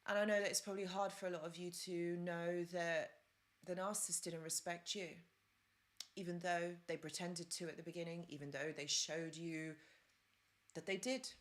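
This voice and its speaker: Woman, live-stream host, lowish voice, chatty advice with rambling asides. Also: steady tone, moderate pace. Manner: chatty, rambling, with fillers and side stories.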